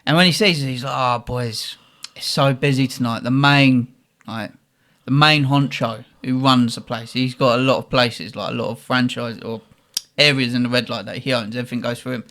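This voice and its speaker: A man's voice: medium pitch, a little fast, few pauses. A man, hosting a podcast and telling anecdotes in casual chat, acting out the voices of the people in his stories. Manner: animated, acts out voices in anecdotes. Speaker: podcast host.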